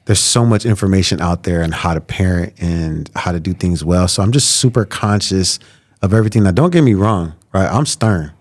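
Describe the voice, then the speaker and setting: A man's voice: low-pitched, moderate pace. A man in his thirties from Chicago, a radio host chatting casually as a podcast guest, acting out quotes as he tells stories. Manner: animated storyteller, acts out quotes. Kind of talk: casual chat.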